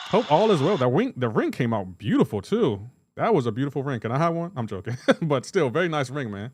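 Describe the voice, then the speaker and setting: A man's voice: mid-range voice, big pitch swings, fairly quick, hardly any pauses, darkish tone. A man chatting casually while livestreaming a mobile game, rambling, joking and greeting viewers by name. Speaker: game streamer.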